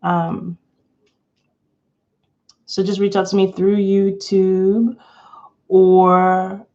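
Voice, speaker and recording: A woman's voice: mid-range voice, darkish tone. A woman doing a casual live tarot reading, chatty and giggly, rambling between the cards and her viewers. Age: adult, not under eighteen. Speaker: tarot reader. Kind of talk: casual live-stream chat. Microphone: webcam or phone, camera from below. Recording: slightly dull lo-fi stream audio.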